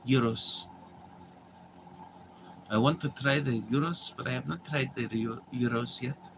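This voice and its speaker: A man's voice: mid-range voice, normal speed, gravelly, noisy background. Rambling, profane young man. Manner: profane, meandering, restarts and filler words. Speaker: livestream host chatting with viewers. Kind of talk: casual rambling chat.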